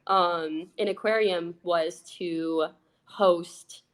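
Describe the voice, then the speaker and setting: A woman's voice: lowish voice, extremely slow. Bubbly young woman telling a story. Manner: bubbly, excitable, many fillers. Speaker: aquarist guest. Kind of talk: casual storytelling chat.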